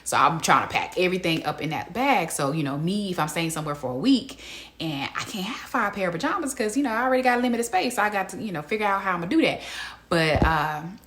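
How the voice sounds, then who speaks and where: A woman casually reviewing a reality TV episode as host, chatty and animated, slipping into quoted voices. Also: on the low side, quick pace, roomy sound. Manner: animated, chatty, quoting people in their voices.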